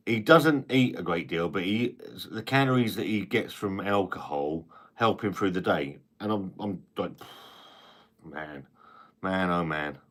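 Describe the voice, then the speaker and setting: A man's voice: deep voice, a bit bright. A man hosting a casual live stream, chatting, reading viewer comments, and rambling with frequent restarts and the odd swear word.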